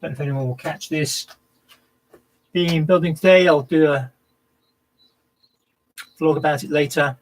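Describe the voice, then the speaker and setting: A man's voice: fairly high pitch, steady tone, unhurried, long pauses, poor audio. A man live-streaming from his home workshop, chatting casually to viewers and thinking aloud between tasks. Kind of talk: casual chat while working.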